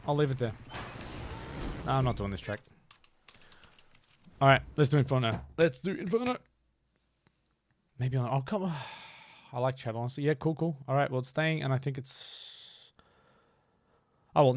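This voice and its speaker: Male streamer, faint Aussie lilt, animated pitch, rambling self-mocking tutorial patter. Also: no room sound. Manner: chatty, self-deprecating, thinks aloud. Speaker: game streamer and tutorial host. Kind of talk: live-streamed gameplay tutorial.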